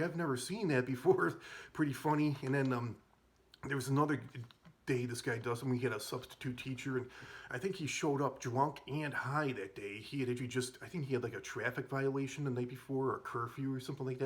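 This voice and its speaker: Guy rambling through old school stories, lots of um and uh, chuckles here and there, mid voice. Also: mid-range voice. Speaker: vlogger telling school stories. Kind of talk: casual storytelling.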